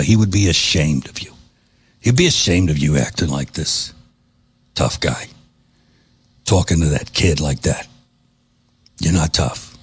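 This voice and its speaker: A man doing a low, growling mock mobster. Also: breathy edge, full character voice. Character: menacing old-school male mobster, mocking.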